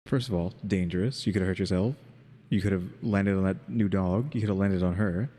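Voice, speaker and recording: A man's voice: low voice, brisk, mellow, big-room sound. A man co-hosting a reaction video in casual chat, rambling and wry, often saying "question mark" aloud. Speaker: reaction channel co-host.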